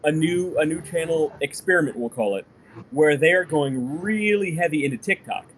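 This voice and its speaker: A man's voice: fairly high pitch, lively intonation, moderate pace, a little hiss or hum. A man co-hosting a business podcast in casual chat, talking loosely with lots of fillers and restarts. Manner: chatty, full of fillers and restarts. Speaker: podcast co-host.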